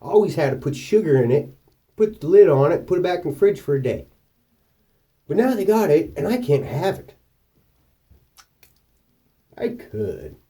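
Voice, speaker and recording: A man's voice: on the high side, normal speed, pauses often, distant mic. A man casually vlogging, telling rambling, profane stories about his week and acting out the people in them. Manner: profane, rambling anecdotes with animated quoted voices. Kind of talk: casual storytelling monologue.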